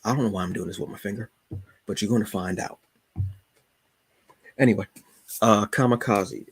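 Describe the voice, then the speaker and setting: A man's voice: lowish voice, normal speed, slightly rough, no echo. A man hosting his own channel, chatting casually and jokingly about books and comics with plenty of asides. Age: adult. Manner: relaxed, joking, storytelling with asides. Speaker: channel host.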